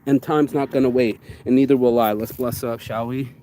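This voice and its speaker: A man's voice: mid-range voice, steady tone, brisk, warm tone, a little hiss or hum. A man rambling through a profane, preachy motivational talk while vlogging in an outdoor park. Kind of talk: casual motivational vlog.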